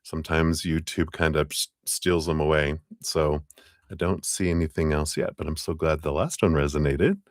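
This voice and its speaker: A man's voice: a bass voice, steady tone, moderate pace, no echo, studio quality. A man hosting a live tarot stream, chatting casually and upbeat as he thanks viewers one by one, laughing often.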